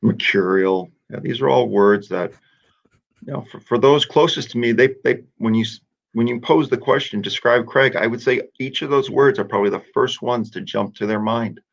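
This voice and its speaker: A man's voice: medium pitch, moderate pace, creaky, dull audio. A man, a soccer coach, chatting in a casual radio interview, joking about himself and often restarting his sentences. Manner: self-mocking, restarts often.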